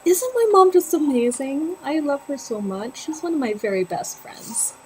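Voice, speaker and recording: On her knitting livestream, a high-voiced woman talks at a moderate pace, telling a personal story with animated chatter and plenty of laughter. The recording is rough, with a little hiss or hum.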